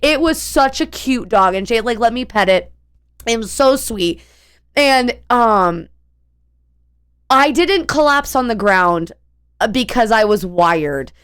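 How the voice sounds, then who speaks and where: A woman's voice: on the high side, lively intonation, takes it slowly, long pauses, a bit bright, smooth. A young woman streamer telling a long story in a casual, rambling way, full of fillers and restarts.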